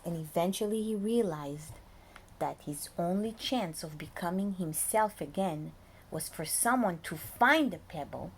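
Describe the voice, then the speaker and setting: A woman reading a picture book aloud to young children as their preschool teacher, lively and often dropping to a soft whisper to talk to them. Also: medium pitch, a little hiss or hum.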